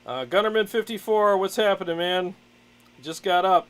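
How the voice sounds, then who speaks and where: A man hosting a casual livestream, chatting in a relaxed way with many fillers and frequent laughs. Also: high-pitched, moderate pace, clear, resonant tone. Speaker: livestream host, guitarist.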